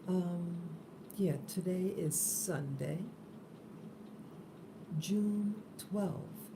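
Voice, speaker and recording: Drowsy and soft-spoken after just waking up, a woman hosts an early morning spiritual live stream through a phone held close. Her voice is on the low side and she draws out her words, with background noise coming from a room where the window is open.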